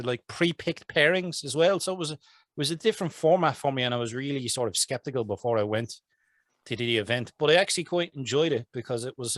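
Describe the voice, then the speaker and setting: A man's voice: mid-range voice, a bit bright, no room sound, studio quality. A man with an Irish accent, a podcast co-host chatting casually, rambling and laughing often. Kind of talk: casual chat.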